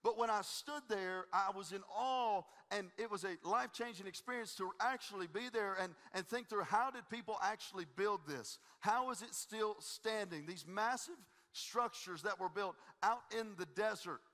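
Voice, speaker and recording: Lively high-voiced pastor. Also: male voice, moderate pace, hardly any pauses, long reverb tail. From Tennessee. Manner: energetic, joking, folksy. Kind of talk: sermon with humorous storytelling. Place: church stage before a congregation.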